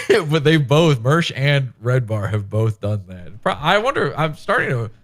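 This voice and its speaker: A man hosting a podcast, chatting in a rambling, animated way and swearing casually into a microphone. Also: medium pitch, measured pace. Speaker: podcast host. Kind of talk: casual commentary chat. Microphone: microphone with headphones.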